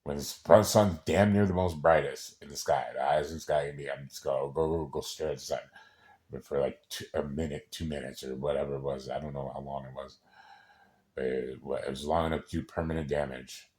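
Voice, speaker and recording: Man, extremely low voice, casual monologue, rambling, cursing, halting restarts. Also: steady tone, a little mellow.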